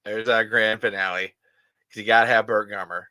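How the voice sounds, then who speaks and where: An excited vlogger, gasping and rambling while unboxing collectibles. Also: medium pitch, a little fast. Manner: giddy, gasping, swearing, rambling.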